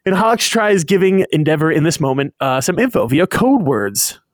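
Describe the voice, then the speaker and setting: A man co-hosting a casual chat, recapping an anime episode in a lively storytelling way. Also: fairly high pitch, normal speed, dry recording, clean studio sound. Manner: animated storytelling, acts out characters' lines.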